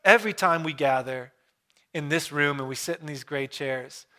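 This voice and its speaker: A man preaching a sermon in church, his voice a touch higher than most men's. He talks earnestly and drops to hushed, drawn-out pauses to make his point. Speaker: pastor. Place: church room.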